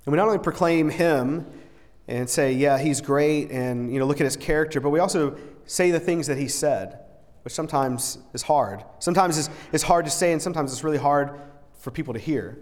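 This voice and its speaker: A man's voice: fairly high pitch, brisk. A man preaching a sermon in an earnest, conversational way, often repeating words and restarting his sentences. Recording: long reverb in a large hall.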